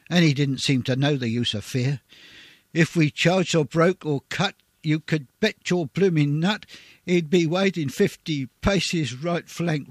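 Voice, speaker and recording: Brief: male reader, somewhat high voice, theatrical ballad recitation, dry close sound. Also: no room sound. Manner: rhythmic, theatrical, swelling on refrains. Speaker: poetry reader. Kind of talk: dramatic poetry recitation.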